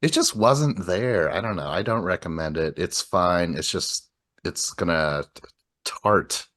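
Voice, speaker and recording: A man with a deep voice and fairly bright tone hosts a casual movie podcast, speaking a little slowly. He rambles about films, laughing often as his sentences trail off.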